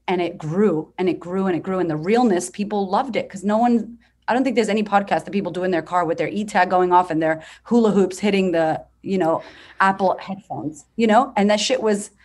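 A woman in her thirties, a business coach telling her story as a podcast guest, talking bluntly with lively energy and some swearing. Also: mid-range voice, normal speed. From United States. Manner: blunt, profane, energetic and animated.

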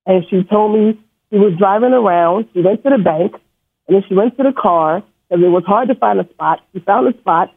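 A man's voice: high-pitched, fairly quick, vocal fry. A man from New York calling into a radio show, stuttering and rambling emotionally through a story about his family. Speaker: caller. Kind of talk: call-in storytelling. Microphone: phone. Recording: tinny phone line.

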